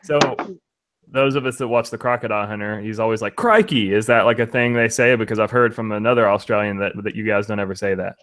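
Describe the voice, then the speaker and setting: A man's voice: on the low side, fairly even intonation, fast talker, fairly bright tone. A man co-hosting a podcast, teasing and asking questions in casual chat.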